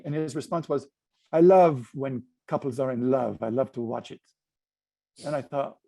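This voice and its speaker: A man's voice: a little high, dry recording. A man speaking as a guest on a panel, telling an anecdote and drawing lessons from it in a reflective, playful way. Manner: reflective, lively storyteller with playful asides.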